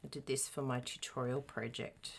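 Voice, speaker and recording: A woman's voice: a bass voice, little pitch movement, moderate pace, creaky, a little hiss or hum. A woman co-hosting a live craft stream, chatting playfully and laughing often, with a slight frog in her throat. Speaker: craft demonstrator co-host.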